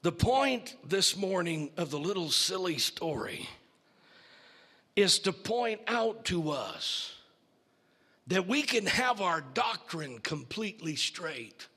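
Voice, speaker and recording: A man preaching a sermon, telling a story in a theatrical, slow manner. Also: sits high, sing-song, sharp tone, husky.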